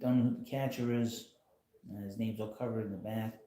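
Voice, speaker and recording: A man's voice: fairly low pitch, steady tone, a little fast, warm tone, echoey room. A man hosting a casual live stream from home, talking in a rambling, blunt way with frequent chuckles. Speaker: channel host. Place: home, in a rocking chair.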